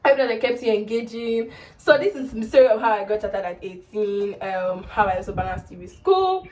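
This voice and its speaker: A young woman with a Nigerian accent, a vlogger telling her story to camera fast and excitably. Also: medium pitch, recorded from a distance. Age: young adult.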